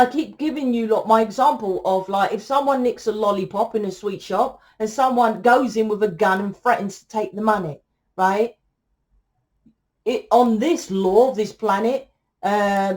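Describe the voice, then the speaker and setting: A woman's voice: medium pitch, a little mellow. A woman giving a casual tarot reading, blunt and lecturing, swearing freely as she talks to her viewers. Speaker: tarot reader.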